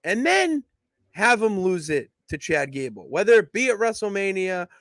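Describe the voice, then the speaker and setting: A young man co-hosting a casual wrestling podcast, emphatically pitching how storylines should go. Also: moderate pace, dry recording, studio quality. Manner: emphatic, animated booking pitches. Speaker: podcast co-host. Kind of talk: casual wrestling analysis chat.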